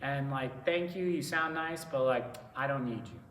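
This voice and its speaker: A man's voice: medium pitch, normal speed, a bit bright, roomy sound, far from the mic, slight background noise, natural voice. A man putting on the voice of a blunt, teasing older male building owner on a phone call. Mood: needling.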